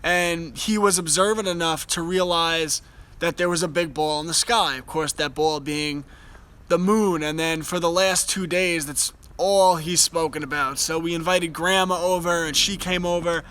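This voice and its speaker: A man's voice: fairly high pitch, steady tone, normal speed, bright, forceful tone, clean tone, rough recording. A young man speaking live from outdoors by a fire, earnest and enthusiastic, often restarting his sentences. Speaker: host. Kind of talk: casual live chat.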